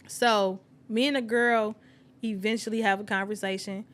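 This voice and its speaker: A woman with a bright, high voice tells a messy personal story in casual podcast chat. She throws herself into each quoted line, jumping up and down in pitch as she acts out the people in it. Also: normal speed. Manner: animated storyteller acting out quotes. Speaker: podcast co-host.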